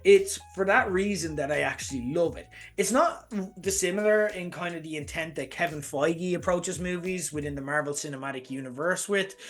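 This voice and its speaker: A man hosts a heated opinion segment, his voice sitting a little on the high side. He sounds exasperated and emphatic and drops the odd swear word to make his point. Quiet lo-fi music plays faintly underneath. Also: normal speed. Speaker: host. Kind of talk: opinion rant. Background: faint lo-fi background music.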